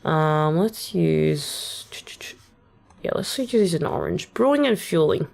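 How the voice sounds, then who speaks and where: A woman's voice: lowish voice, lively intonation, slow pace, vocal fry, a little mellow. A young woman with a general Australian accent, chatting casually and rambling with many fillers as she explains her rap lyrics on a stream. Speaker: VTuber streamer. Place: at home on a rainy day.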